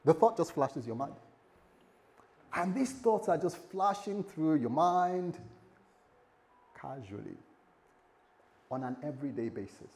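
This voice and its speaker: A man's voice: fairly high pitch, animated, measured pace, long pauses, darkish tone. A man preaching a sermon, telling a scripture story with asides and jokes to the congregation. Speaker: pastor.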